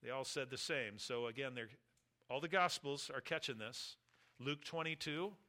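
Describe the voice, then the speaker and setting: Bright-voiced man preaching a sermon. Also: mid-range voice, moderate pace. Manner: reads scripture aloud and acts out the speakers' words. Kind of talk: expository sermon.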